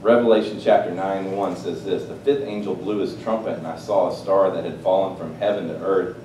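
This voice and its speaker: A man preaching a sermon, swinging between loud, excited exclamations and hushed, quiet asides. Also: brisk. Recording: roomy, distant mic with faint rumble.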